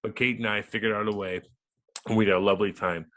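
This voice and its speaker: A man, a former hockey enforcer turned radio host, telling a loud, profane, animated story in an interview. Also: fairly low pitch, fast, slight background noise. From United States.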